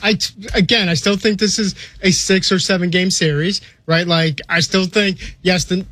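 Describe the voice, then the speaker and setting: High, bright male panelist, dry sound, cautious and hedging. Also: fairly even intonation, normal speed, dry recording. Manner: hedging, many "like" and "right?" tags. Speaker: sports talk panelist. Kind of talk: casual sports debate.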